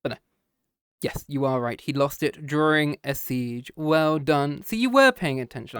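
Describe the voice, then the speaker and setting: A man's voice: on the high side, animated, normal speed, fairly bright tone, clear, resonant tone, no room sound, faint music behind. A man streaming a casual chat with his viewers after a history lesson, playful and teasing, often slipping into meows and growls.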